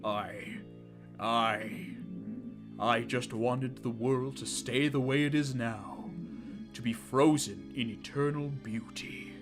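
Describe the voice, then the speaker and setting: A man voicing a calm, grandiose king villain who wants the world frozen, speaking slowly and solemnly, with game music behind. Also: mid-range voice, voice pushed down, lightly acted. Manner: slow, solemn, drawn-out delivery.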